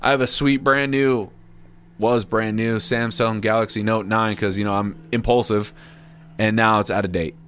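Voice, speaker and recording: A man's voice: fairly low pitch, flat delivery, normal speed, fairly bright tone, slight background noise. Swearing, joking podcast co-host man. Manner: crude, joking, swears a lot. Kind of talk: casual chat.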